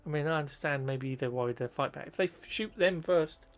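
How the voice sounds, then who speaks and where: A man's voice: a little high, a little fast. A man co-hosting a casual podcast, recapping a film plot in a wry, chatty way with plenty of ums.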